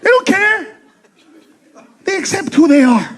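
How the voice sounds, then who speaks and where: A man doing a stand-up comedy set on a club stage, loud and profane, acting out characters in quick voices. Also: very high voice, big pitch swings, some chatter behind. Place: comedy club stage before a laughing audience.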